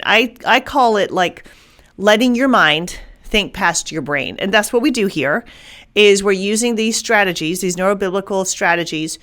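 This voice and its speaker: An emphatic, energetic woman hosts a faith-based motivational podcast in her own voice. She sits in an ordinary middle pitch, repeats words when she drives a point home, and voices inner thoughts as she explains them. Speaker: podcast host.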